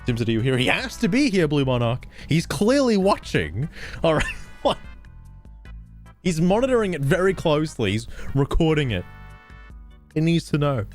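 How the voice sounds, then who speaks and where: Profane, animated male streamer. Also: fairly high pitch, moderate pace, pauses often, soft background music. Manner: animated, profane, laughing often. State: strained throat. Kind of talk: casual live-stream chat.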